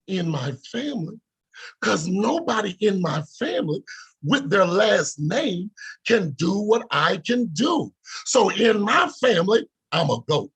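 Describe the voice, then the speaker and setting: A middle-aged man delivers a motivational pep talk as a trading mentor. His husky voice sits high and swings widely, as he repeats himself, laughs, and breaks into shouts. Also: very animated, moderate pace. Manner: preachy, repetitive, hyped up, laughing, bursts into shouts.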